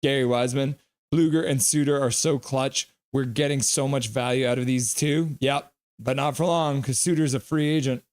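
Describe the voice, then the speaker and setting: A young man on a live stream, calling hockey play and reading chat aloud with excitable, goofy delivery. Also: mid-range voice, normal speed.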